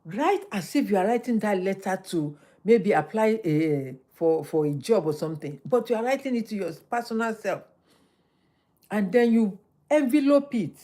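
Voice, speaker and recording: Hosting a motivational livestream, this middle-aged woman speaks at medium pitch and normal speed. Her delivery is lively and sermon-like, with phrases repeated to drive points home.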